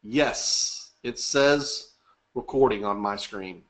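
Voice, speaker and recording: A man's voice: lowish voice, slow pace. A man hosting a live webinar, chatty and upbeat, greeting attendees by name and joking. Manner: upbeat, chatty, reading names aloud and joking. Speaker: webinar host.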